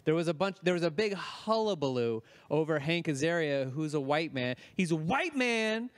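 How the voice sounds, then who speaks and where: A man's voice: a little high, moderate pace. A man co-hosting a comedy podcast, trading teasing wisecracks in casual banter. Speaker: podcast co-host.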